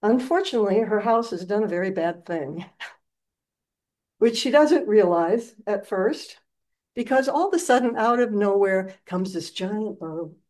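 A woman giving a dharma talk as a meditation teacher, telling a story in an animated, gentle and reflective way. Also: mid-range voice, a little slow.

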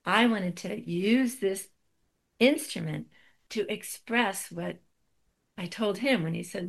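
A woman's voice: fairly low pitch, measured pace, vocal fry. A middle-aged woman giving a spiritual talk, telling a personal story with wry, self-deprecating humor.

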